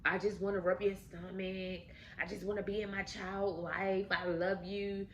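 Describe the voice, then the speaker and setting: A woman's voice: medium pitch, little pitch movement, moderate pace, muffled recording, a little hiss or hum, close to an everyday voice. A woman voicing a jealous, stalking ex-boyfriend who pleads and then turns menacing. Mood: pleading.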